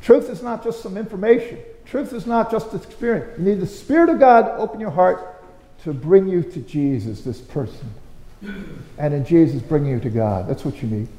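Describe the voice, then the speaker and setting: A male pastor preaches in a loose, storytelling way, pressing his point with rhetorical questions and bursts of emphasis. His voice sits a little high for a man but sounds mellow and warm. The sound rings in a roomy church with a long hall reverb. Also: lively intonation, moderate pace. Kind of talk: storytelling sermon.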